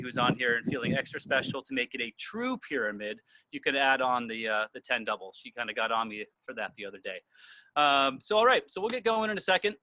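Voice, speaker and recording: A man coaching a live swim-band workout, explaining each set calmly and counting reps aloud. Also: medium pitch, no echo. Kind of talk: guiding a live workout session.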